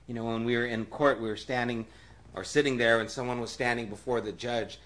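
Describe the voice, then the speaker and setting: A man preaching a sermon as pastor, emphatic and repeating key phrases, often dropping to a hushed, near-whispered voice. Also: mid-range voice, fairly even intonation, brisk.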